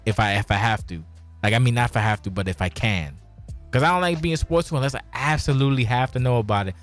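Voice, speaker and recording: A man's voice: medium pitch, fast, faint music behind. A tipsy man hosting a podcast, chatting casually, swearing a lot and losing his train of thought. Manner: swears constantly, restarts sentences. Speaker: podcast host. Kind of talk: casual profane chat.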